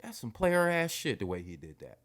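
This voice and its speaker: A young man in a mid-range voice tells stories on a podcast with lots of energy. He gets worked up easily, swears freely and jumps up in pitch when he is excited. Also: a little fast. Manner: animated storyteller, excitable, swears a lot. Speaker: podcast co-host. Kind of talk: casual chat.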